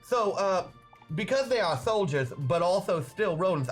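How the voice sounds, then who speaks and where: A man's voice: high voice, expressive, normal speed, faint music behind. A man playing a tabletop game, playful and self-mocking. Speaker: player. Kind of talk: casual tabletop play.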